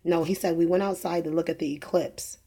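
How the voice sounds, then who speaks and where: Her voice is on the low side, warm and husky, with a steady tone and a fairly quick pace. A young religious vlogger, she talks casually about faith and her children's dreams in a rambling preaching monologue marked by fillers, restarts and laughing at her own jokes.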